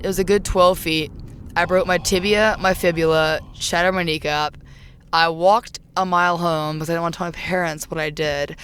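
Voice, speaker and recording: A woman's voice: on the low side, steady tone, normal speed, a bit bright, slight background noise. A young woman, a rideshare passenger, telling a story in casual chat with plenty of swearing, voice rising sharply when she relives her anger. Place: inside a car. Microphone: handheld mic.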